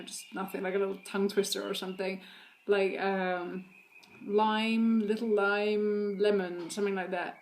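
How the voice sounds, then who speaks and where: Brief: mum vlogger, casual chat, loose fillers, easy laughs. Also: female voice, medium pitch, little pitch movement, normal speed, darkish tone, slight background noise. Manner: chatty, many fillers, laughs often. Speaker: vlogger and mother. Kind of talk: casual chat about her toddler.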